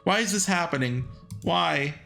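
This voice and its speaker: Guy reading as a scared young dude freaking out, kinda high, pitch all over. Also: animated, unhurried, gravelly, bright, forceful tone, faint music behind, exaggerated voice. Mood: frantic. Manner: panicked self-questioning, rising to frantic. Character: young man, frightened protagonist unsure what is real.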